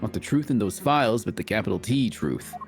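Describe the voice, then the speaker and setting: A man's voice: on the low side, animated, fairly quick, soft background music. A man voicing a brash, slangy young male investigator who teases and spins stories in a breezy way. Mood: storytelling. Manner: breezy, teasing storyteller slang. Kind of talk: live voice-over of a video game.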